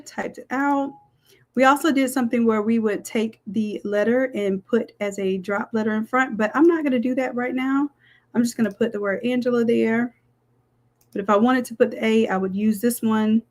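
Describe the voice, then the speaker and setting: A woman, walking viewers through a live design tutorial in a chatty way. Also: on the high side. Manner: chatty, says "y'all", talks viewers through steps. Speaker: design instructor. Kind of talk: live screen-share tutorial.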